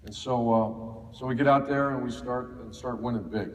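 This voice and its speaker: A man's voice: medium pitch, fairly even intonation, brisk, recorded from a distance, a little hiss or hum. Man telling stories in an echoey hall. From Ohio. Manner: folksy, anecdotal, many restarts and fillers. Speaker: football coach speaking at a clinic. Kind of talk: storytelling talk to an audience. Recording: echoey hall, faint ambience.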